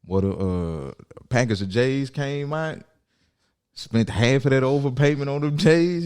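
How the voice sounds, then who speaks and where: A man's voice: mid-range voice, unhurried, clear, resonant tone. A young man in casual podcast chat, his voice rising and falling a lot. He tells stories with energy and acts out the people he quotes. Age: young adult. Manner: animated storyteller, acts out quotes. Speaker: podcast co-host.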